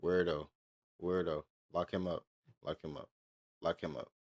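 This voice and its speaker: A man's voice: deep voice, flat delivery, unhurried. A man playing a video game and commenting in a laid-back, slangy, joking way, reading the game's lines aloud and sounding tired late at night. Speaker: gaming channel host.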